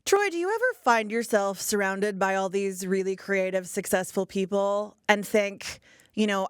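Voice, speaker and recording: A woman's voice: medium pitch, moderate pace, clear, resonant tone, dry recording. A woman conducts an interview, her questions friendly and curious. Her mid-range voice sounds dry and close to the mic, with no room around it.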